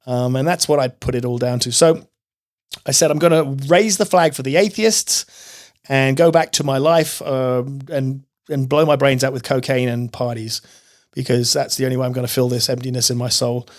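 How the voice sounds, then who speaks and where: A middle-aged man telling his life story as a podcast guest, emphatic and animated, acting out his own past outbursts. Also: mid-range voice, moderate pace. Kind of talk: testimony in casual interview.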